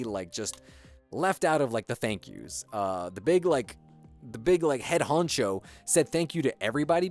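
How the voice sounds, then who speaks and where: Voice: mid-range voice, lively intonation, moderate pace, darkish tone, soft background music. A streamer chatting casually during a livestream, rambling and swearing with lots of fillers. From United States. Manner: rambling, profane storytelling with many fillers. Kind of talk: casual chat while building on a livestream.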